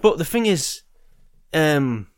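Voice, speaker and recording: This man's voice sits on the high side and has a sing-song lilt, and he takes his time. Hosting a podcast, he rambles through a casual story, hesitating, saying um a lot, restarting and sometimes cursing. The sound is studio quality with no room sound.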